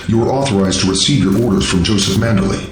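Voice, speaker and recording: A man's voice: on the low side, fast, very echoey, over music, close to an everyday voice. An actor playing a stiff, cold male security guard who talks in a clipped, mechanical way. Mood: stern. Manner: clipped, formal, robotic delivery.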